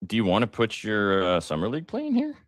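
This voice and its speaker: Deep-voiced, excitable betting host. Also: male voice, fast, dry recording, studio quality. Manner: excitable, joking, lots of fillers. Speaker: sports betting show host. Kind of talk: casual live-stream betting talk.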